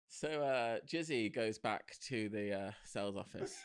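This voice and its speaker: A man co-hosting an improvised comedy podcast, narrating a silly story with laughs and quick character voices on a close mic. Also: lowish voice, bright, forceful tone, smooth.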